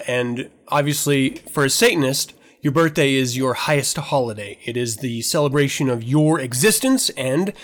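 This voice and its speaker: A man hosting his own podcast, talking candidly and with a lot of profanity, emotional as he relives a painful moment. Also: mid-range voice. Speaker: podcast host. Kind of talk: casual podcast monologue.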